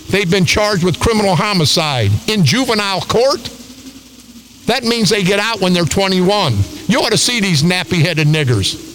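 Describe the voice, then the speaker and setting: A man's voice: high-pitched, lively intonation, normal speed, fairly bright tone, slight background noise, poor audio. An older man hosting talk radio, delivering an angry, combative, repetitive rant.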